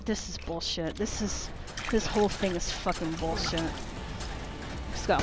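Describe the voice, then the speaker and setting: A woman playing a horror video game, swearing and yelling in loud panicky outbursts, then muttering in a low voice as she reads notes aloud. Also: fairly even intonation, normal speed, over music. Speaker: gamer. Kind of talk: let's play commentary.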